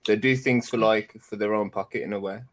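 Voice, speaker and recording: A man's voice: fairly even intonation, fairly quick. A man on a live panel chat, joking about strict parents and mimicking them in a raised voice. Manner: mimics parents in a high put-on voice. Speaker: panel guest. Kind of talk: casual banter on a live panel show.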